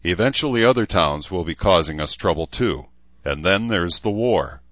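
A man's voice: sits low, animated, moderate pace, a bit bright, no echo, highs cut off. A man reading an audiobook, voicing a practical, level-headed young man in a slightly raised voice. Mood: thoughtful.

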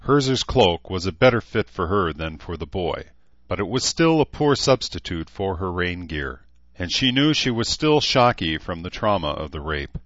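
A man reading an audiobook in a measured, even narration. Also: low-pitched, no echo, highs cut off. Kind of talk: scripted narration.

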